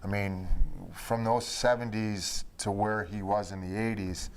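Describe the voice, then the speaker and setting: A man with a fairly low voice looks back on his playing days. He talks in a loose, rambling way, padding his sentences with "you know" as he goes. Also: fairly even intonation, a little slow, clear, resonant tone. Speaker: former teammate. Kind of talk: reminiscing conversation.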